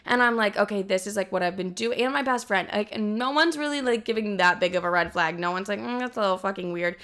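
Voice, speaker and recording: A young woman tells a story to her viewers in a loose, chatty vlog voice. She swears often and fills her sentences with "like." Her pitch sits in a middle range. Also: quick pace, fairly bright tone. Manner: chatty, swears freely, leans heavily on "like". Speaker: vlogger.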